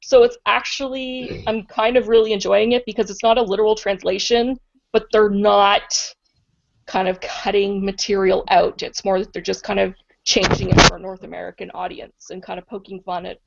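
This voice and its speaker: A woman's voice: mid-range voice, level tone, normal speed, gravelly. A woman co-hosting a podcast in casual chat, chatty and enthusiastic and often saying "like". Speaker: podcast co-host. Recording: dull lo-fi podcast audio.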